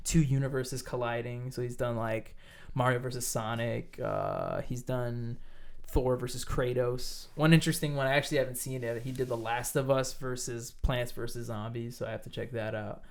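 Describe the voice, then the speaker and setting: A man's voice: mid-range voice, level tone, normal speed, vocal fry. A man co-hosting a podcast, chatting casually and rambling with lots of fillers and swearing. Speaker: podcast co-host; teacher. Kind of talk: casual chat.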